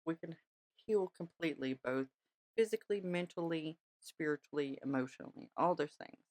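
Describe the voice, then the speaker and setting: A woman's voice: deep voice, normal speed, a little mellow, dry recording. A woman hosting a podcast in a chatty, reassuring way, often checking in with her listeners. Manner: chatty, reassuring, many "all right?" check-ins. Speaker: podcast host. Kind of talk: casual spiritual talk.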